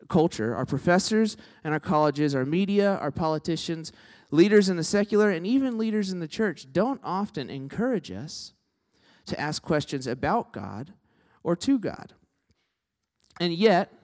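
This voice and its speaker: A man preaching a sermon in a conversational, storytelling way, often checking in with his listeners. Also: on the high side. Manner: conversational, tags lines with "right?"; self-deprecating storyteller. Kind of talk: sermon with humorous stories.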